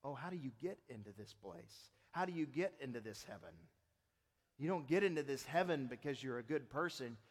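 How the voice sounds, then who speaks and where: A man preaching a sermon as pastor, swinging between loud emphasis and soft, hushed delivery. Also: medium pitch, lively intonation, fairly quick, slightly rough. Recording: long hall reverb.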